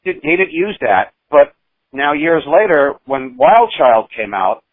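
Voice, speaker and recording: This musician in his sixties drifts through rambling anecdotes for an interviewer, restarting often and acting out quotes as he tells his stories casually. His fairly high voice is sing-song and unhurried. The sound is dry and tinny, like a phone line.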